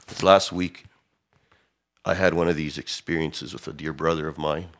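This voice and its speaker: Deep gravelly-voiced preacher. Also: male voice, moderate pace. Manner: animated, acts out quotes, drops to hushed tones. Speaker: pastor. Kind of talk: sermon.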